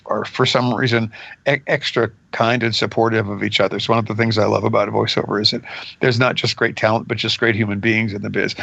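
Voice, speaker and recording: Older man, voice actor guest, animated storyteller, slightly muffled dry sound. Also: mid-range voice, gravelly, dry recording. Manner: animated, jumps into character voices mid-story. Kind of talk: casual interview storytelling.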